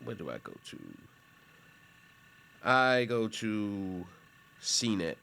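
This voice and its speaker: A man's voice: fairly low pitch, lively intonation, takes it slowly, creaky, sharp tone, clean tone. Man, instructor, casual classroom talk, rambling, self-correcting, conversational. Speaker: college instructor. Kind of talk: casual classroom explanation while screen sharing.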